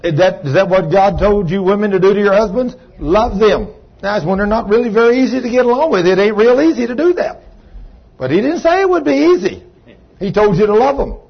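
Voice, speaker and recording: A man's voice: high voice, lively intonation, fairly quick, husky, dull audio. A man preaching a sermon, folksy and chatty, calling on members of the congregation by name. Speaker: pastor. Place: church.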